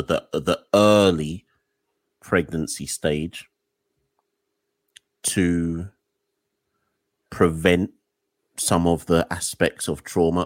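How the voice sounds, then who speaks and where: Deep-voiced male podcast host, dry sound. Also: no echo. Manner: searching for words, restarts questions, thinks aloud. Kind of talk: conversational interview.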